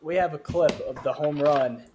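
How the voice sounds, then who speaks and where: A man's voice: a little high, normal speed, muffled recording, background noise. A man hosting a podcast in a casual, upbeat way, laughing along with his guest. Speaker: podcast host. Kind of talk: casual chat.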